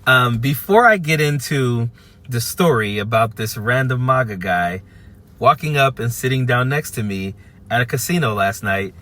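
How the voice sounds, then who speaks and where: A man of fifty telling a casual story to camera from his parked car, animated, acting out what people said, with frequent restarts. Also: mid-range voice, moderate pace. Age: 50s. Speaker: vlogger. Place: parked at a car charging spot by a busy street.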